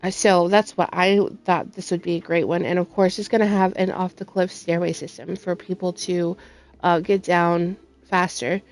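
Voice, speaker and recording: A woman's voice: on the low side, steady tone, moderate pace. Woman, gaming host, rambling casual commentary full of fillers. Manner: rambling with frequent ums.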